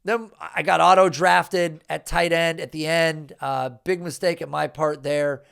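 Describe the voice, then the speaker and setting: A man recapping a fantasy football draft in an animated, exasperated rant, swearing often and jumping up in pitch. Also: measured pace, creaky, clean tone.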